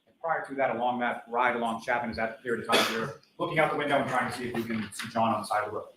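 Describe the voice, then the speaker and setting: Fast-talking male attorney in an echoey courtroom. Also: medium pitch, steady tone. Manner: rapid questioning with fillers. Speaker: trial attorney. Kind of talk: courtroom questioning. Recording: echoey courtroom audio with faint noise.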